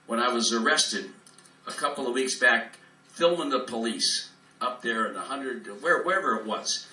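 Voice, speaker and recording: A man works a live room in a profane, rambling stand-up rant, jumping between tangents as he ad-libs. His voice is sharp and tense. It sounds distant and roomy, with a faint hum of the room behind him. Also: mid-range voice, expressive, moderate pace. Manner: profane, rambling free-form ad-lib rant. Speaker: stand-up comedian. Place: club room, live in front of an audience.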